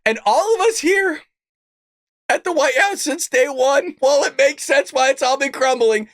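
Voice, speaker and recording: A man hosting a political commentary livestream, mocking and excitable, often laughing and cursing in disbelief. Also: very high voice, unhurried, dry recording, studio quality. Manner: mocking, excitable, repeats lines. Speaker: show host.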